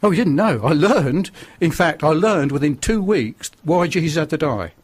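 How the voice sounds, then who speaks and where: A husky older man from northern England talks as a guest on a radio show, recounting his story plainly. His voice sits a little high, and he turns forthright and preachy when he pushes his point. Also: expressive, normal speed. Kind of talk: radio interview, personal testimony.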